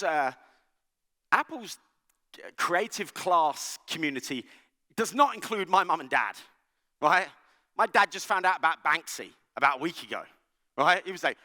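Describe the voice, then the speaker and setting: A man delivers an animated conference keynote with a high, lively voice that swoops up and down. He talks in a bright, joking and conversational way, often checking in with the audience. His voice carries a long reverb from a large hall. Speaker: conference speaker. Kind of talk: keynote talk.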